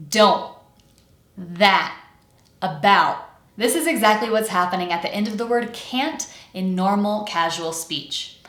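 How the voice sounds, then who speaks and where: A woman with a General American accent teaches pronunciation in a clear, instructive way, slowing down to demonstrate each word. Her voice sits in a middle pitch range. The recording carries noticeable room echo. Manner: clear and instructive, slowly models example words. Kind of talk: scripted teaching lesson.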